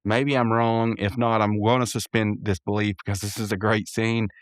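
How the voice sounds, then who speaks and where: Casual male podcast host recapping episodes, smooth resonant voice, dry close recording, meandering and chuckly. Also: fairly low pitch, flat delivery, moderate pace, no room sound. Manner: rambling, self-correcting, laughs often.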